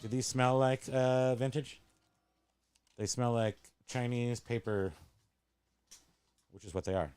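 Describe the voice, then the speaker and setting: A man's voice: medium pitch, fairly even intonation, slow pace, long pauses, a little mellow, clean tone, soft background music. A man hosting a casual show-and-tell chat at a home tiki bar, rambling and joking as he corrects himself. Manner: rambling, jokey, self-correcting. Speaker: host.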